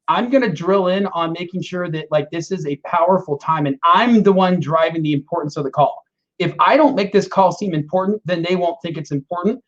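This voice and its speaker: High-voiced man with dull lo-fi sound. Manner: explains step by step, acts out client calls. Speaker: loan officer, podcast regular. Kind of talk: casual podcast talk.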